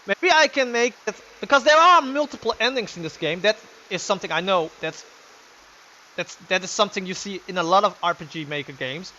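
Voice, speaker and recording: A young man giving casual let's play commentary, excitable and thinking aloud. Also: high-pitched, fairly quick, highs cut off, slight background noise.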